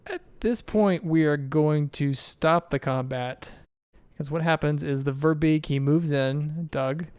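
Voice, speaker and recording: Clear-voiced man narrating as game master. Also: on the high side, no echo. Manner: relaxed, descriptive narration.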